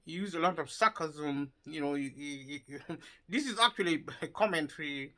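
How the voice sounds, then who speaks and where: Guy ranting on his channel, bit high, bright sharp voice, stumbles and repeats words a lot. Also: normal speed, low-quality recording. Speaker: video commentator. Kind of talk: opinion monologue.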